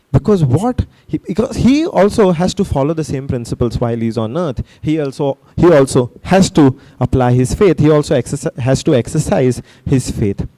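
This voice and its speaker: Man preaching, Indian English accent, lively rising and falling pitch, mellow tone, dry sound. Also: dry recording, low-quality recording. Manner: emphatic, call-and-response preaching with repeated hallelujahs. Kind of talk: sermon. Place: retreat session hall.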